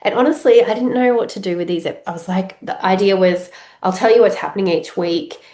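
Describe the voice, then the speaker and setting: A woman's voice: medium pitch, fairly quick, mellow, reverberant. An Australian woman hosting her own podcast, talking casually with a stuffy nose from a cold, rambling with many fillers and restarts. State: congested with a head cold. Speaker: podcast host. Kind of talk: casual solo podcast chat.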